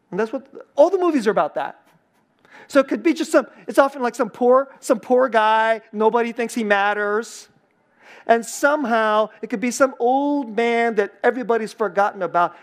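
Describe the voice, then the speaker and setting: A pastor preaching in a relaxed, conversational sermon style. The delivery is chatty and punctuated with frequent laughs. Key phrases get said twice to drive them home, and short quoted lines are acted out in a different voice. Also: medium pitch. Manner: conversational, laughs often, repeats phrases for emphasis.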